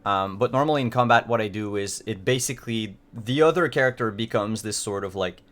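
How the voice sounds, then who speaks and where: A man's voice: fairly low pitch, a little fast, fairly bright tone. A man acting as game master, narrating and explaining rules in a casual, explanatory way with frequent fillers.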